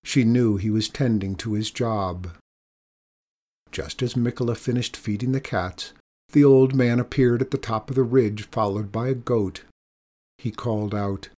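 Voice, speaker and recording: A man narrating a children's story in a measured, expressive reading. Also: medium pitch.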